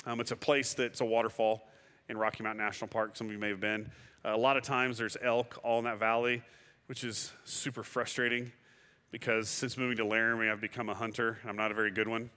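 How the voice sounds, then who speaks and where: A middle-aged man preaching a sermon, telling personal stories in an animated way and acting out what he once said. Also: fairly low pitch, brisk, clear, resonant tone. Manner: animated storyteller, acts out his own past words. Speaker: guest pastor. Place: church sanctuary. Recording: long hall reverb.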